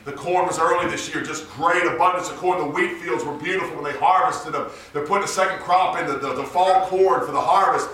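A preacher, a man, bellowing and then dropping to a hush. His voice is bright and cutting. It is caught from a distance in a big, echoing church with faint room noise behind. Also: fairly even intonation, fairly quick, few pauses. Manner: swings from low murmurs to shouted high cries. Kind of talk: sermon. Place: church sanctuary. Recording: roomy church recorded from far off.

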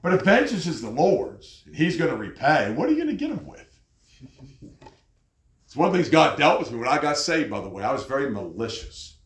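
A man preaching a sermon with an animated delivery, often jumping high in pitch as he acts out angry people. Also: fairly quick, hardly any pauses. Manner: animated, jumps to high pitch when mocking others. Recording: echoey room.

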